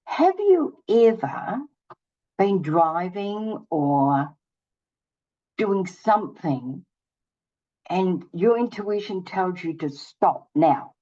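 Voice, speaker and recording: Telling a personal story casually on her own channel, an older woman voices both sides of each conversation. She speaks very slowly with long pauses, her lowish, dark voice swinging widely in pitch, and the recording is muffled.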